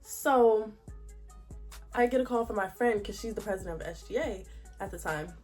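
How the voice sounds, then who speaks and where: A young woman telling a storytime vlog in a chatty, slangy, expressive way. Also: medium pitch, moderate pace, faint music behind. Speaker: vlogger.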